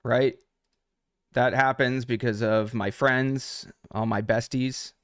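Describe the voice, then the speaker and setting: A man's voice: mid-range voice, fairly even intonation, slow pace, no echo, studio quality. A man teaching trading on a live stream, talking casually and swearing freely as he chats with viewers. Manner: casual, profane, talks straight to chat.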